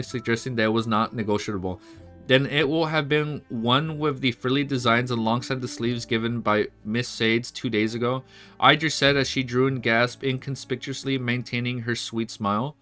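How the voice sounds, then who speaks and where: A man streaming a read-along of a web novel, reading haltingly with restarts and breaking into excited casual asides. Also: medium pitch. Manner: reads aloud haltingly, stumbling and restarting. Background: faint background music.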